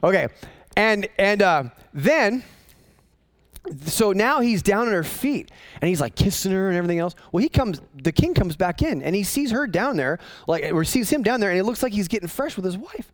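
Man pastor, animated sermon, higher voice, close, dry sound. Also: moderate pace, no echo. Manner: animated, conversational storyteller with jokes.

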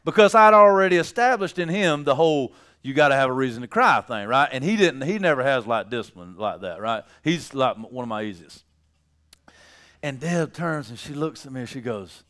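A man preaching a sermon, telling stories about his children, laughing at his own tales and building to loud emphasis. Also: mid-range voice, big pitch swings, normal speed. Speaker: pastor.

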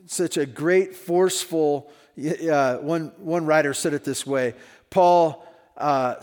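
Conversational preaching man, fairly high voice. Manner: conversational preaching, voice rising and falling in level. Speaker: pastor. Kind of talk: sermon.

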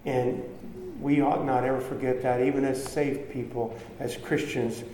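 Preacher guy, mellow voice, talks the sermon through kinda conversational, lots of echo. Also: mid-range voice, fairly even intonation, moderate pace, a little hiss or hum. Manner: earnest, conversational preaching with restarts and quoted voices. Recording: echoey hall with faint ambience.

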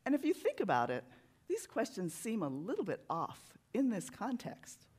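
A preacher giving a sermon in a church sanctuary, talking in a conversational, animated way that tells a story. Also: medium pitch, normal speed, breathy edge.

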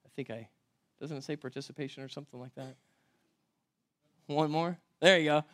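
A man's voice: a little high, steady tone, a little fast, a bit bright. A man preaching a sermon as pastor in a church, talking conversationally, asking rhetorical questions and correcting himself aloud.

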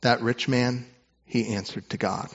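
A man's voice: mid-range voice, steady tone, unhurried. Earnest man preaching, slightly dull sound. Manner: earnest, swings between hushed and fervent. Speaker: pastor. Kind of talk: sermon.

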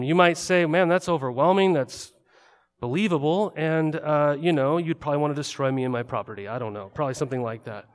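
Male pastor, casual sermon delivery, slightly high voice, long hall reverb. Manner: conversational, acts out quotes.

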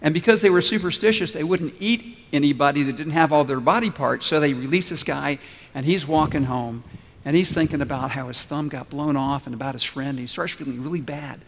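A man's voice: on the high side, a little fast, a little hiss or hum. Preaching man in a reverberant church. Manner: asks the congregation questions and lets them answer. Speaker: pastor. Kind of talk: sermon. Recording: long reverb from a large room.

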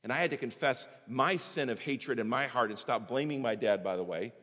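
A man pastor preaching a sermon, swinging from loud emphatic exhortation to hushed, intimate tones. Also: mid-range voice, a little fast. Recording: hall reverb.

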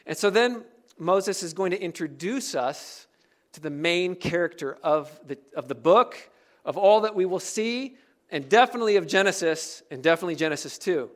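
A man preaching a sermon to a congregation, asking them questions and slowing down or getting louder for emphasis. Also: on the high side. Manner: varies pace and loudness for emphasis. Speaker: pastor.

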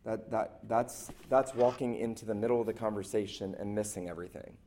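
A man's voice: lowish voice, brisk, mellow, slight background noise. A man preaching a sermon to a church congregation as the pastor, earnest and emphatic, stacking up short repeated phrases.

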